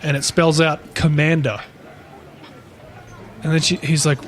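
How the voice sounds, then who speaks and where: A man's voice: a little high, normal speed, long pauses. Casual swearing man telling a ghost story. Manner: rambling, swears freely, retells a ghost story. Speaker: podcast co-host.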